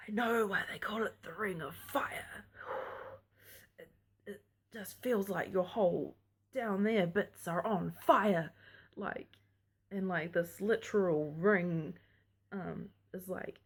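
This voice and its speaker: A young woman telling a personal story to camera in a casual vlog, candid and chatty and frank about intimate details. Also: fairly low pitch. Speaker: vlogger telling her birth story.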